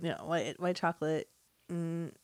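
A woman's voice: low-pitched, steady tone, measured pace, darkish tone, no room sound. A woman co-hosting a podcast, talking casually and bluntly, laughing often and swearing in fun. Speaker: podcast co-host. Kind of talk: casual chat.

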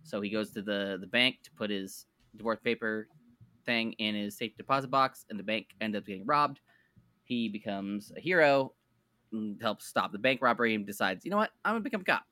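A man's voice: on the low side, moderate pace, sharp tone, no echo, studio quality. A man co-hosting a podcast in casual chat, rambling and restarting as he eagerly recommends shows. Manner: rambling, self-correcting, enthusiastic recommendations. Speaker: podcast co-host.

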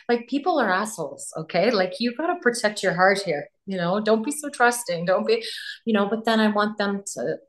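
A woman's voice: mid-range voice, lively intonation, normal speed. A woman in her fifties, a podcast guest talking candidly in a casual chat and often trailing off mid-thought. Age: 50s.

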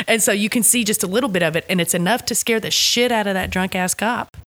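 A woman in her thirties or older co-hosting a casual podcast, animated and laughing, with playful sound effects. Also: medium pitch, a little fast, no echo. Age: over 32. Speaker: podcast co-host. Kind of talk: casual chat recapping a TV show.

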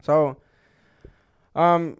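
A young man co-hosts a podcast and tells a long personal story in loose, rambling chat. He swears often and leans on filler words. His voice sits a bit high and sounds smooth and clean. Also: fairly even intonation, drawn-out words. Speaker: podcast co-host.

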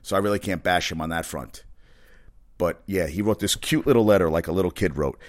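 A middle-aged man talks sports on his podcast in a slightly low voice. He rambles from topic to topic, swearing freely and getting riled up as he rants. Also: fairly quick. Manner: rambling, profane, riled-up ranting. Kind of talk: casual sports talk monologue.

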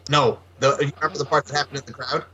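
A man answering quiz questions in casual chat, jokey and animated as he retells a story. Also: medium pitch, rapid-fire, dull audio, a little hiss or hum. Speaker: quiz contestant.

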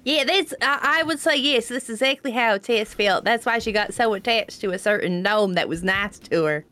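A woman player with a fairly high voice, chatting casually at a tabletop game. She scolds in a chiding tone and tends to repeat herself. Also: normal speed, sharp tone.

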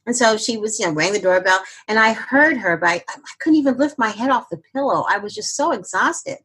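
Husky older woman telling her story. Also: a little high, lively intonation, brisk, a bit bright, poor audio. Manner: rambling, with many fillers and restarts. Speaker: interview guest. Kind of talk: personal storytelling.

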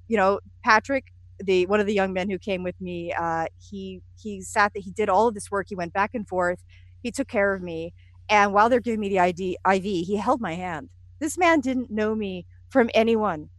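Lively woman telling stories. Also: medium pitch, dry recording. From United States. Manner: lively, self-deprecating storyteller with frequent "uh" and "you know". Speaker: interview guest. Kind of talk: conversational storytelling.

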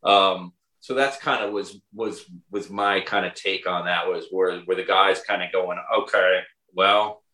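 Deep, bright-toned man, casual and halting. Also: steady tone, echoey room, rough recording. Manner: hesitant, full of restarts and fillers. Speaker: songwriter and bandleader. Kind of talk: casual conversation about an album.

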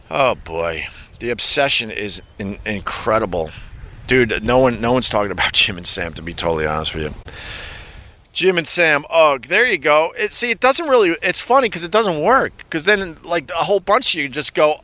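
A man's voice: a little high, very animated, moderate pace, pushed and bright. A man hosting a casual live stream, rambling, swearing and reading out viewer comments with sardonic asides. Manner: profane, sardonic, reads chat aloud. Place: New York.

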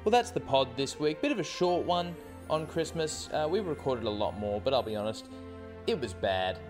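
A man's voice: mid-range voice, very animated, music in the background. A man, hosting a comedy podcast in a teasing, casual way. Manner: teasing, quick reactions. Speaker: podcast host. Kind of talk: casual chat.

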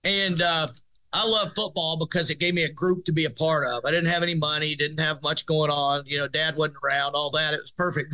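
A middle-aged man, a football coach telling a story in an interview with many restarts. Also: fairly high pitch. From Arkansas, USA. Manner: animated, rambling restarts, laughs through story. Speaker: high school football coach, guest.

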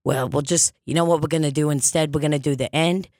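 Casting: a woman doing a low-voiced, brassy psychic with a Long Island accent, bossy and rambling, comedy bit, dry mic. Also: fairly even intonation, fast, darkish tone, no room sound. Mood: brash. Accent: Long Island, put on. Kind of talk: improvised comedy sketch.

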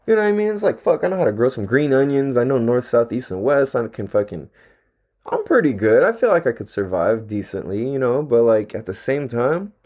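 Casting: laid-back man, casual profane slang, swoops widely in pitch, a little dry-throated. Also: sing-song, a little fast, darkish tone. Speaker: vlogger. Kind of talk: casual rambling monologue.

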